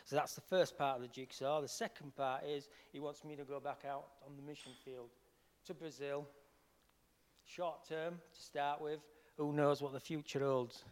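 A man with a Yorkshire accent, a healing minister giving an earnest personal testimony, shifting between soft and emphatic. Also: a little high, level tone, normal speed, in a large hall.

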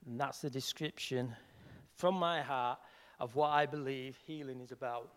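A man with a Yorkshire accent, a healing minister giving an earnest personal testimony, shifting between soft and emphatic. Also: mid-range voice, fairly even intonation, moderate pace, smooth, big-room sound.

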